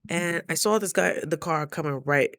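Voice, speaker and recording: A woman vlogger telling stories to camera in a casual, animated, slangy way, acting out the voices of the people in them. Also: deep voice, moderate pace, no room sound, clean studio sound.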